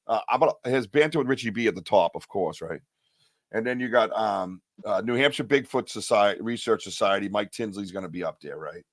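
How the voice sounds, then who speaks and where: A man's voice: fairly low pitch, dry recording. A man hosting a live podcast, chatting loosely, joking and rambling in slang. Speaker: podcast host. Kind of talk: casual live-stream chat.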